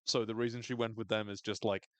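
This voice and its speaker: A man's voice: fairly low pitch, flat delivery, fast talker, fairly bright tone, no room sound. A man hosting a podcast, recapping a TV episode in casual chat, swearing freely and acting out characters' lines in funny voices.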